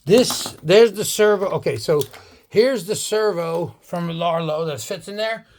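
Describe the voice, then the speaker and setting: Speaking in a high, slightly mellow voice at a measured pace, a tipsy New Jersey man who vlogs about RC cars shows them off to the camera. His casual chat is rambling, joking and full of profanity, with "right?" coming up often.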